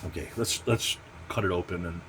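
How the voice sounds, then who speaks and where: A man's voice: deep voice, a little fast, background noise. A man hosting a casual comic book unboxing vlog, ranting with constant profanity and sarcasm. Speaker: comic channel host.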